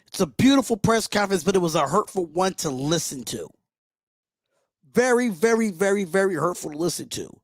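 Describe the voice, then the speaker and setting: His voice is high, with big pitch swings and a brisk delivery, recorded dry with clean studio sound. He's a livestream host giving an emotional fan reaction, passionate, blunt and frequently swearing.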